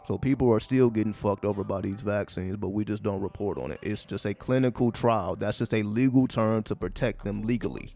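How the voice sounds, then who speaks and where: A man with a fairly low voice riffs through a casual livestream, swearing freely and tossing out sarcastic questions again and again. Faint music plays beneath him. His talk is loose and repetitive, and he keeps circling back to "right?". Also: brisk, few pauses, mellow. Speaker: livestream commentator. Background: faint background music.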